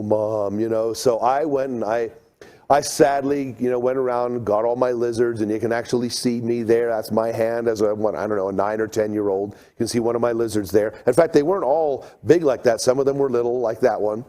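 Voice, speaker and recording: A middle-aged man giving a seminar talk, telling stories with lively acted-out moments. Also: medium pitch, a little fast. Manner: animated storyteller, acts out scenes. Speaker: creation seminar speaker.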